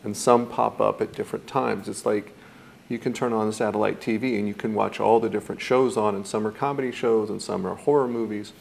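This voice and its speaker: Gravelly-voiced man teaching mindfulness. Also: lowish voice, fairly even intonation, fairly quick, darkish tone, a little hiss or hum. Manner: thoughtful, acts out quoted reactions. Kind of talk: reflective teaching talk.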